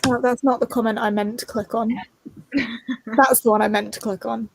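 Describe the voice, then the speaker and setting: A woman's voice: fairly high pitch, flat delivery, normal speed, creaky, background noise. A young woman chatting casually in a dry, teasing way on a reading stream. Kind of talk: casual chat.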